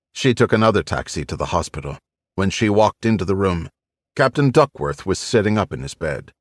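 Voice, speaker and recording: A man reads a thriller audiobook aloud with brisk, storytelling energy. His voice sits very low yet swings widely in pitch, and the close studio sound is dry. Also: sing-song, no echo. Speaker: audiobook narrator. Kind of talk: scripted narration.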